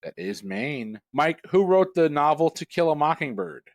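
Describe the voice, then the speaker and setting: A man hosting a pub trivia quiz, reading questions in a brisk, matter-of-fact way and bantering with the players. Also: a little high, very animated, no room sound.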